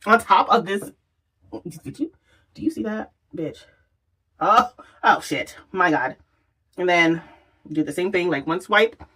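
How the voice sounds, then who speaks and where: A woman's voice: fairly low pitch, lively intonation, a little slow, long pauses, fairly bright tone, husky. A woman chatting casually through a makeup tutorial, exclamatory and swearing freely as she works. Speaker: makeup vlogger.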